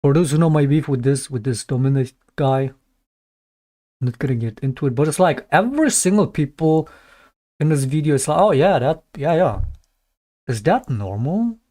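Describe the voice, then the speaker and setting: A man's voice: on the high side, expressive, normal speed, warm tone. A man streaming, casually reacting to a video with loose, swearing comments aimed at his chat.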